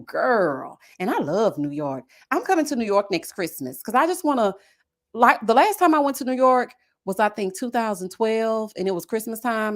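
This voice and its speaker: A woman in her thirties with a Southern US accent, hosting a casual livestream, chatting and reading viewer comments. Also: mid-range voice. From American South. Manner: chatty and animated, slangy, talks straight to viewers. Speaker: live-stream host. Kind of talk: casual live-stream chat reading comments.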